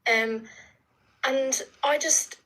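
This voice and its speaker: Hesitant bright-voiced woman caller. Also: high-pitched, fairly even intonation, low-quality recording. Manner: hesitant, full of ums, reads slowly. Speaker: caller on a live stream. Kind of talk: casual call-in chat.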